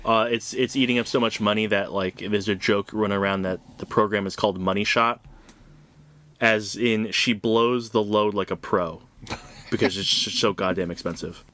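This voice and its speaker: A man's voice: fairly low pitch, steady tone, moderate pace, fairly bright tone. A man co-hosting a podcast, discussing a comic book in casual chat, blunt and profane with a dry, sarcastic edge. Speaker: podcast co-host.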